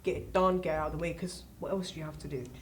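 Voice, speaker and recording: A woman's voice: deep voice, fairly even intonation, rapid-fire, a little hiss or hum. Emphatic teen girl. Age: late teens. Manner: emphatic, repeats points, asks rhetorical questions. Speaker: student guest. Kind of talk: casual advice chat.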